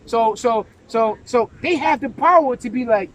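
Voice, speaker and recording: A man's voice: very high voice, normal speed, a bit bright, low-quality recording. A man preaching during a scripture discussion, emphatic, often asking "right?" and tagging "man" onto his lines. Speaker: religious teacher.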